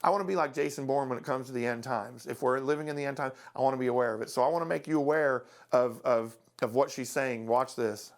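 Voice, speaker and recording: A man's voice: mid-range voice, fast talker, hardly any pauses. A man teaching a Bible study series in an emphatic, conversational way, often asking rhetorical questions.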